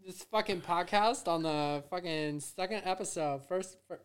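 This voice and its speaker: A man's voice: high voice, moderate pace, crowd noise. A man co-hosting a casual podcast, ranting and swearing a lot as he talks. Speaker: podcast co-host. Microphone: streamed podcast mic.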